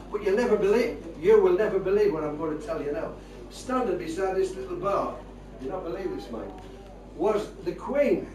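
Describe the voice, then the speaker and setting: An older man with a broad Northeast English accent spins comic yarns to a live audience, laughing at his own punchlines. His voice sits fairly high and rings around a roomy hall. The mic catches him from a distance, with a laughing crowd behind. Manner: chatty, laughing at his own jokes, dialect-heavy. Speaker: comic storyteller and spoon player. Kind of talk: stand-up storytelling to a live crowd.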